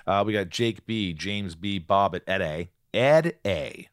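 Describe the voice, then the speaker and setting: A man hosting a podcast, signing off casually, reading out names in a relaxed, joking way. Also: deep voice, normal speed, clear, resonant tone, no room sound, studio quality. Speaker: podcast host.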